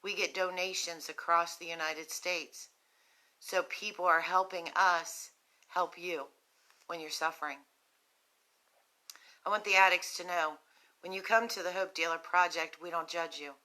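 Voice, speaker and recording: A woman with a West Virginian accent hosting a live stream for a recovery nonprofit, talking slowly and gently with many ums while sick with a cough and a cough drop in her mouth. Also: fairly low pitch, steady tone. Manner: slow, gentle and compassionate, with frequent ums. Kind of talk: earnest live-stream talk to viewers.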